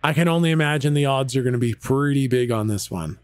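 A man's voice: medium pitch, fast, dry recording. A Canadian man casually chatting with his viewers while streaming a game, laid-back and chatty, with frequent laughs and some swearing.

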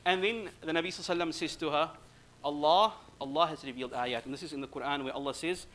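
A man's voice: fairly high pitch, very fast, slight background noise. A man giving a Ramadan lecture in a mosque, retelling stories and acting out the quoted speakers. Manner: lively storyteller acting out quoted speech.

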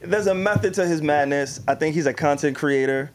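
A man's voice: on the high side, fairly quick, a little hiss or hum. A man co-hosting a casual podcast chat, laying out his opinions and reasoning. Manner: opinionated, reasoning things through. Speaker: podcast co-host.

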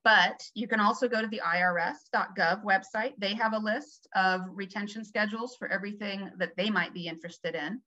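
A woman's voice: medium pitch, brisk, few pauses, pushed and bright, lo-fi sound. A woman presenting a small business seminar over a video call, talking in a conversational way with many fillers. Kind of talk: webinar lecture.

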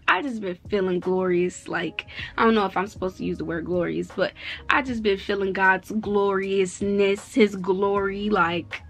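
A woman's voice: mid-range voice, a bit bright. A young woman in a casual vlog chat, rambling and informal, with frequent "like" fillers. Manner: rambling and chatty, heavy use of "like"; speaks with an informal, slangy dialect. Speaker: vlogger and mother.

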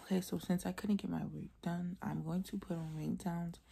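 A woman's voice: fairly low pitch, steady tone, moderate pace, creaky, mellow, a little hiss or hum. A teenage girl vlogging casually at home, chatty and self-mocking, often dropping to a whisper. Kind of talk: casual vlog chat.

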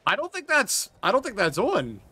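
A man hosting a casual live-stream of a game, excitable, swearing often and laughing a lot. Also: high voice, moderate pace, slightly rough, no room sound. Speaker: streamer host.

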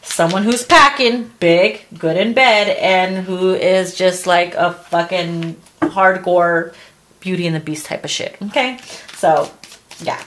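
A woman's voice: lowish voice, takes it slowly, a bit bright, slight background noise. Crude, laughing woman reading tarot. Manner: blunt and crude, laughs often, acts out quotes. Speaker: tarot reader.

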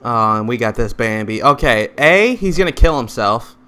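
A young man giving excitable gameplay commentary, trash-talking teammates and swinging between loud outbursts and mutters. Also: medium pitch, moderate pace, clean tone. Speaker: gaming YouTuber.

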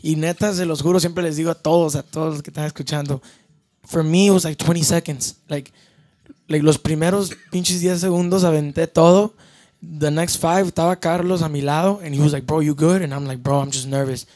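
A man's voice: fairly high pitch, fast. A young man, telling a story in casual talk and switching between Spanish and English. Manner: mixes Spanish and English, relaxed and swearing. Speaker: podcast guest, band member.

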